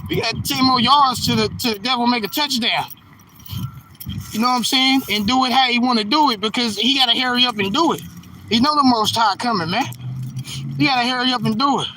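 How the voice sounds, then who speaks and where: A man's voice: very high voice, fairly quick, bright, forceful tone, far from the mic, poor audio. A man around forty from California, chatting to viewers on a livestream in a slangy, preachy way. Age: 40s. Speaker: livestream host. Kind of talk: casual livestream chat. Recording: phone mic held off, street noise.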